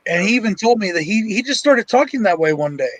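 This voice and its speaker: A man's voice: high-pitched, expressive, fast, fairly bright tone, dry recording, poor audio. A man, talking bluntly and cursing freely in casual chat. His sound is dry and close. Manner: blunt, swears a lot, tells stories. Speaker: co-host.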